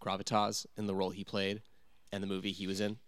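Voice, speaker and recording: Low-voiced man, hesitant chat. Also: monotone, fast talker, a bit bright, no echo. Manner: hesitant, full of restarts. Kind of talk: casual opinion chat.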